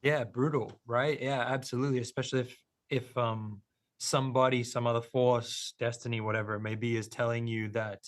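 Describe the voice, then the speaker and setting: Young Australian actor being interviewed, mid-pitched, earnest, thinks aloud. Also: male voice. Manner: thoughtful, earnest, with fillers. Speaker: actor guest. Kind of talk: interview answers.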